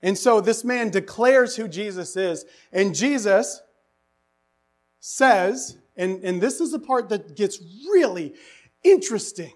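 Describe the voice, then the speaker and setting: Man preaching, high voice, animated, rhetorical questions, bursts of near-shouting. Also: slow pace. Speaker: pastor. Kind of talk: sermon.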